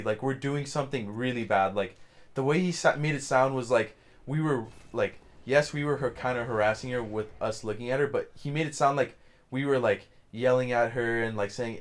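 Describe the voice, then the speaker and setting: A man's voice: medium pitch, brisk. A young man telling a story while playing a game, rambling with many fillers and restarts. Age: young adult. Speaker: let's play commentator. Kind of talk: casual storytelling over gameplay.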